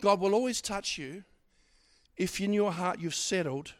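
Middle-aged male preacher, high-pitched, animated sermon delivery with stammered restarts. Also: measured pace. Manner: animated, swings from loud exhortation to quiet asides, stammering restarts.

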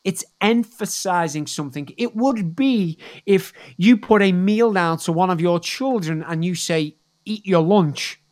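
A preacher giving a sermon in a deliberate, emphatic way, repeating key words for weight. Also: medium pitch, darkish tone.

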